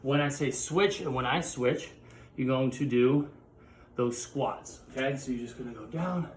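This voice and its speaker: A man's voice: medium pitch, unhurried. A man leads a home workout class, cheering people on through each exercise while he does it with them. His breath runs short as he talks. The sound has a roomy echo and a faint hiss behind it. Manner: upbeat coaching while exercising. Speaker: PE teacher.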